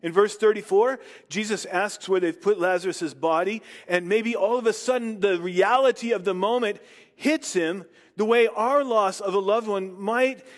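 A man preaching a sermon and reading scripture, with slow dramatic pauses and emphatic questions. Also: sits high, long reverb tail. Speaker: pastor.

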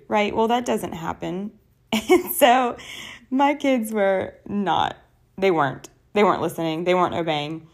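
A young adult woman hosts her own podcast in an earnest, personal way. She talks conversationally, with a voice that sits in a middle pitch. Her delivery is that of a solo speaker addressing listeners directly. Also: a little slow, creaky. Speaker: podcast host.

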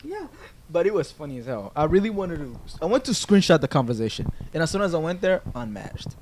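A young man hosting a podcast, telling a story in casual chat, animated, with swearing and laughter. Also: a little high, brisk, a little hiss or hum. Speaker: podcast host. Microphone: podcast microphone.

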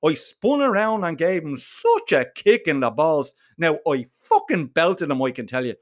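A man telling a comic first-person story, full of swearing and slang. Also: high-pitched. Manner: profane, slangy, animated.

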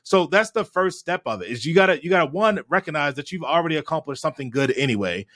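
A man telling a childhood story in a podcast chat, animated and often tagging his sentences with "right?". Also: on the high side, fast talker. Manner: animated storyteller, frequent "right?" tag questions. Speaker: guest.

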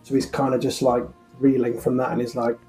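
A man's voice: medium pitch, completely flat delivery, a little fast, warm tone, soft background music. A man playing a tabletop game, narrating his character's actions with joking, self-mocking asides. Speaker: player.

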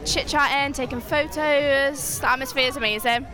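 Bright high-voiced bubbly woman interviewer. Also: fairly even intonation, normal speed, soft background music. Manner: bubbly, complimentary. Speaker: roving red carpet interviewer. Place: event floor.

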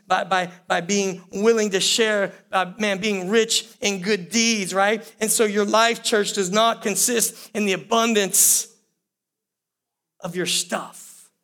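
A pastor with a high, fairly bright voice preaches a sermon. He speaks conversationally, addressing the congregation directly and repeating phrases.

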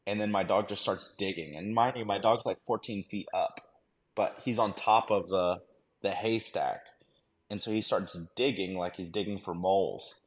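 Guy, lowish voice, rambling slangy war story on a podcast, lots of "right?". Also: normal speed. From United States. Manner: animated, slangy, many fillers and "right?". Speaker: podcast guest, former army dog handler.

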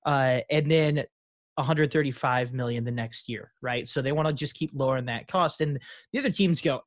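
A man's voice: mid-range voice, normal speed, dry recording, studio quality. A man co-hosting a casual podcast chat, laughing often and reading quotes aloud with rambling asides. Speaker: podcast co-host.

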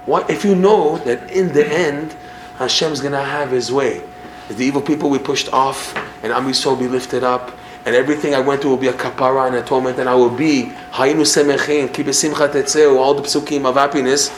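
A man teaching a Torah class in an animated way. He often repeats himself and acts out examples as he explains. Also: mid-range voice, brisk, a little hiss or hum. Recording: roomy echo with faint ambience.

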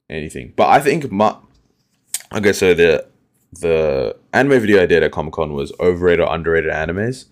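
A young man with a notably deep voice talks on his own podcast. His delivery is casual and rambling, full of fillers and restarts as he thinks aloud. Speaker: podcast host. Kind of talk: casual solo podcast chat.

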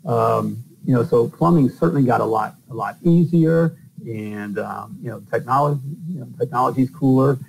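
A man's voice: mid-range voice, normal speed, vocal fry, darkish tone, a little hiss or hum, rough recording. A middle-aged man from the northern US, a plumber and podcast host, telling stories in a loose, rambling way with lots of fillers. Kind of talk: casual storytelling interview.

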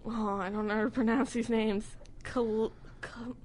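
A woman's voice: fairly high pitch, fairly even intonation, a little slow, darkish tone, a little hiss or hum. A young woman hosting a casual trivia chat, giggly and chatty, often tripping over names. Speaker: host.

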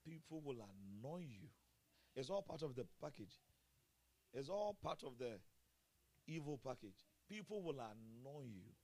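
A male pastor delivers a sermon during a church service, his medium-pitched voice shifting between soft murmurs and loud exclamations. He chuckles frequently throughout.

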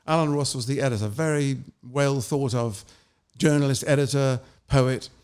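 A man's voice: medium pitch, steady tone, a little mellow, clear, resonant tone. Man reading and chatting. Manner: measured and anecdotal, with small restarts. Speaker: author and interview guest. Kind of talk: story reading and casual interview.

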